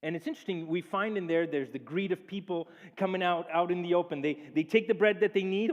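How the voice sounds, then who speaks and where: Male pastor with a high voice and an animated sermon delivery, recorded with long church reverb. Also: fast talker, few pauses, highs cut off. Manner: animated preaching, acts out quoted speech. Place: church sanctuary.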